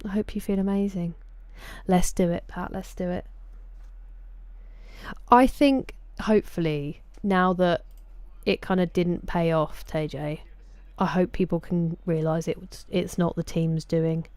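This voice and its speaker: Low, mellow Sussex woman streaming. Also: steady tone, unhurried, no echo. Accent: Sussex English. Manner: chatty, greets viewers by name. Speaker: game streamer. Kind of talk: casual live-stream chat.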